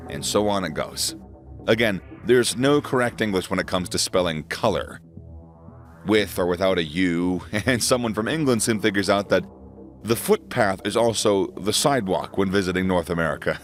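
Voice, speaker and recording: A man's voice: on the low side, moderate pace, faint music behind. A man narrating an educational explainer in a conversational way, with small asides and chuckles.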